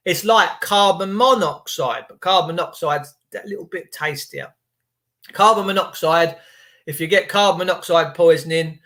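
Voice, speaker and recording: High-voiced man, rambling and jokey. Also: bright, forceful tone. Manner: rambling, jokey asides and cheeky banter. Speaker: vlogger. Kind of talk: rambling monologue to camera.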